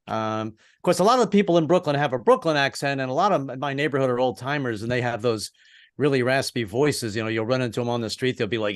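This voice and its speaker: A middle-aged American man doing an online stand-up set, halting and restarting, with deadpan punchlines. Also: medium pitch, no room sound, studio quality. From American East Coast. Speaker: stand-up comedian. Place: home in Brooklyn, online show.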